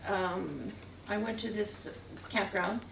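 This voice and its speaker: Standing at the front of a museum gallery, a woman artist slowly tells a long, wandering story about her travels, her medium-pitched voice creaky and punctuated by frequent chuckles. She's distant from the mic, and her voice echoes through the room over a faint hiss.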